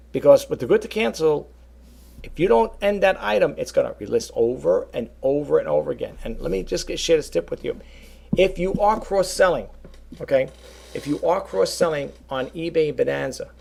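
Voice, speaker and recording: Gravelly, rambling male reseller vlogger. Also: a little high. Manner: animated, rambling, addresses viewers as folks. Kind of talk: casual talk to camera.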